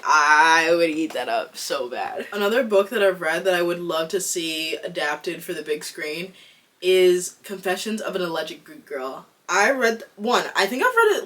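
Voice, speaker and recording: Chatty young woman from Boston. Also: fairly low pitch. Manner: chatty, fills with "like", candid and excitable. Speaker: actor vlogger. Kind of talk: casual talk to camera.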